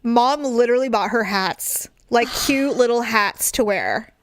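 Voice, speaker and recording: A woman in her forties chats casually on a podcast, recorded dry and close to the mic with no room sound. Her voice sits fairly high. She tells family stories with energy and slips into the voices of the people in them. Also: a little slow, no room sound. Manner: animated storytelling, acting out family members. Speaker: podcast co-host. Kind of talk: casual chat.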